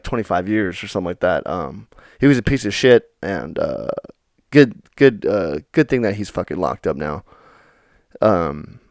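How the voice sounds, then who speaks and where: A man's voice: medium pitch, no room sound. Young guy, solo podcast host, loose and profane, tells unrehearsed stories in a dry, close sound. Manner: rambling and profane, full of "you know" fillers. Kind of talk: unrehearsed storytelling monologue.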